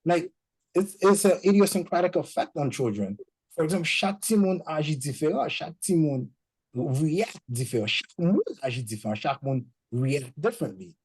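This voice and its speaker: Animated man, husky voice. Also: fairly high pitch, brisk, poor audio. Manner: animated storyteller, acts out quotes. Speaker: guest speaker. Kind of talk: casual chat, code-switching.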